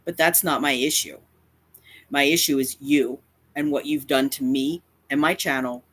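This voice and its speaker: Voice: mid-range voice, fairly even intonation, moderate pace, fairly bright tone, breathy edge. A YouTuber speaking straight to camera in a confrontational rant, defiant and emphatic, often repeating lines for effect. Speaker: cat advocacy YouTuber.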